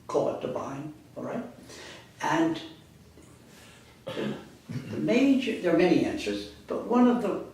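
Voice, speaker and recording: A man's voice: fairly high pitch, very animated, unhurried, gravelly, pauses often, darkish tone, slight background noise. A man giving a university lecture in a rambling, conversational way, correcting himself often. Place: classroom. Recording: echoey classroom, speaker far from mic.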